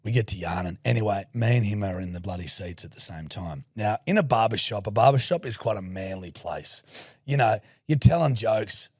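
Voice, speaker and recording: A young adult man with an Australian accent, co-hosting a podcast and telling crude, jokey stories in a loud, lively voice. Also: on the low side, fairly quick, hardly any pauses, husky, no room sound, studio quality. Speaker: podcast co-host. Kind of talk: casual chat.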